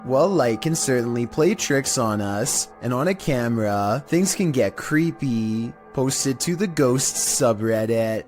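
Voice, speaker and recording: Male narrator, flat monotone read, mid pitch, faint music beneath, scripted countdown voice. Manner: monotone delivery. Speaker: narrator of creepy video countdowns.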